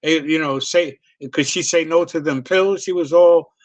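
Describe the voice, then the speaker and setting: This is a comedian in middle age telling a casual story on a video call, full of profanity, doubling back and chuckling as he goes. His voice runs a little high for a man, at an ordinary pace. It's recorded close and dry, with no room sound.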